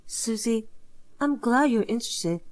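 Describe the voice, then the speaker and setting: A woman's voice, probably synthetic, reading the lines of a calm, firm young mother in a drama story. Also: on the high side. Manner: firm, measured.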